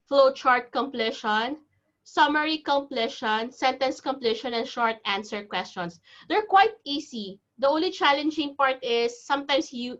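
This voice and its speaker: A woman's voice: a little high, fairly bright tone. Reassuring woman teacher on a video call. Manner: chatty, reassuring, explaining step by step. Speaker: IELTS teacher. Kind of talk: online class lecture. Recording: dull video-call audio.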